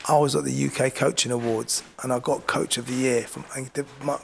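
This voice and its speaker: Boxing coach guy, gravelly voice, chats away telling stories, does little voices for people. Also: mid-range voice, fairly even intonation, fairly quick, a little hiss or hum. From England. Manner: chatty, keeps saying "do you know what I mean", acts out voices in his stories. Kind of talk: casual storytelling interview.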